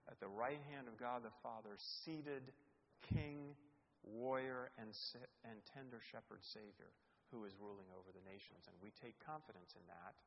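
A middle-aged man preaching as a guest in a church sanctuary, earnest and emphatic, swelling louder on key words. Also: lowish voice, moderate pace, creaky, slight background noise. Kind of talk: sermon. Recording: echoey hall, dull lo-fi sound.

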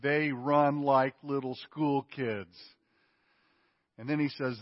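A man's voice: mid-range voice, steady tone, slow, long pauses, no echo, in a large hall, highs cut off. A man preaching a sermon in an emphatic, conversational way, often checking in with his listeners. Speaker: pastor.

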